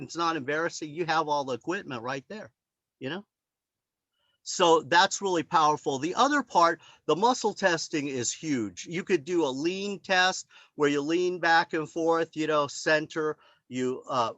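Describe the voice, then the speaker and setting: A man talks through a video call, rambling from one story to the next and slipping into the voices of the people he quotes. His voice sits a little high for a man. The sound is dry, with no room around it. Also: fairly bright tone, dry recording. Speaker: author presenting his book. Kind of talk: casual talk on a video call.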